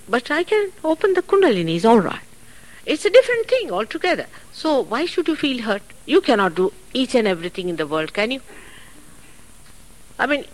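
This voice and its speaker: Lively-voiced woman giving a spiritual talk. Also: medium pitch, low-quality recording. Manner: earnest, chatty asides, soft laughs. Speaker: spiritual teacher. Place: public hall. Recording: archive recording.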